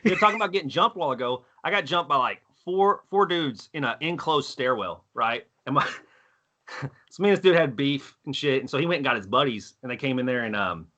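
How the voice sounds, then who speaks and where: Dull audio carries a Texan man in his thirties, a podcast guest with a mid-range, bright, forceful voice and an animated, brisk delivery. Laughing often, he swaps profane stories in casual conversation and performs the quoted voices himself.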